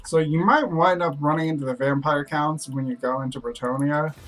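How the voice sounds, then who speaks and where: A man's voice: fairly high pitch, fairly quick, fairly bright tone, poor audio. A man casually chatting and explaining strategy while playing a co-op strategy game, rambling with lots of "like" fillers. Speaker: co-op game player. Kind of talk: casual chat while gaming.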